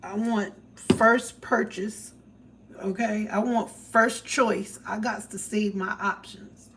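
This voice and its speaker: A phone mic some distance away records a young woman with background noise as she cooks breakfast in her home kitchen for a livestream. She chats loosely and jokes with swearing, her medium-pitched voice slow, a bit bright, and fairly even in intonation.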